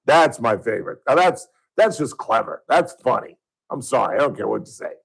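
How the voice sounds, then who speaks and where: A man's voice: medium pitch, very animated, a little fast, gravelly, husky, low-quality recording. A man hosting a talk radio show, rambling casually and chuckling at his own jokes into a studio microphone.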